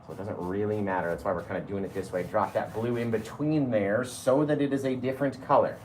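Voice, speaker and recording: A man hosting a live painting tutorial, chatty, laughing easily and often checking in with a quick "right?". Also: on the low side, steady tone, a little mellow, reverberant, slight background noise. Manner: chatty, keeps asking "right?"; laughs easily while talking. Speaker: painting instructor.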